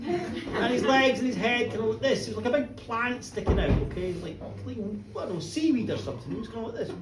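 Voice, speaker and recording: A middle-aged woman telling a comic folk tale live, cheeky and animated, chatting with her audience. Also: a little high, brisk. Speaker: storyteller. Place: pub bar, live show. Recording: roomy pub, from a distance, faint room noise.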